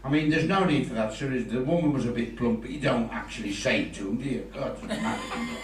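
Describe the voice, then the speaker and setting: A man's voice: medium pitch, quick pace. An older man with an English Midlands accent performing a live stand-up routine as a chatty storyteller who teases the audience. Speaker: stand-up comedian. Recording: roomy venue from far off, audience laughter.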